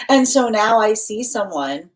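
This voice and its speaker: A woman with a fairly low voice gives a live tarot reading to her viewers. She rambles in long run-on sentences packed with fillers and restarts, and she slips into the voices of the people she describes. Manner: rambling, many fillers and restarts, acts out what others say. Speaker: tarot reader.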